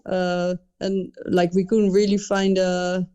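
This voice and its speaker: A woman's voice: lowish voice, level tone, slow, warm tone, smooth, dull audio. A Dutch woman with a Dutch accent, a guest telling a travel story in casual chat, full of fillers and restarts. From Netherlands. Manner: rambling, many fillers and restarts, acts out voices with laughter.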